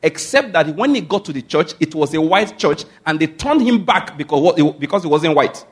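A man's voice: on the high side, lively intonation, moderate pace, husky. A man preaching a sermon, who keeps asking his listeners whether they follow him.

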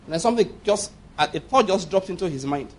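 A Nigerian man in his fifties preaches with a husky, slightly raised voice. He presses every point hard and keeps asking his listeners if they get it. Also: high voice, animated, a little fast, a little mellow. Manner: emphatic, keeps checking the congregation understands. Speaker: pastor. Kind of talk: sermon.

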